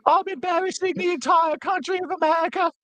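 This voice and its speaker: A man doing a shrill, posh British lady. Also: steady tone, brisk, bright, forceful tone, no room sound. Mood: mock-posh. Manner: exaggerated comic falsetto, mock-British. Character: prim posh British woman, crude and outrageous.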